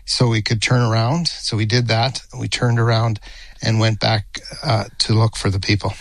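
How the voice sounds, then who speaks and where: A man in his sixties, a retired airline captain, interviewed for the news and speaking in a measured, hesitant way. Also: fairly low pitch, flat delivery, no echo, poor audio.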